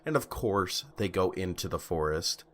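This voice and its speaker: A man's voice: deep voice, expressive, normal speed. A young man co-hosting a podcast, rambling casually with fillers, restarts and frequent laughs. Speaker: podcast co-host. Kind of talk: casual chat.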